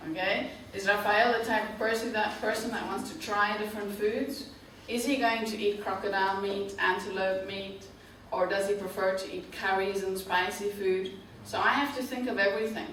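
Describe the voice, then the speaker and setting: A tour operator director gives a guest lecture to students in a university classroom, teaching slowly and clearly and often checking in with "okay?". Her medium-pitched voice is steady and a bit bright. The room is echoey, with a distant mic and faint noise.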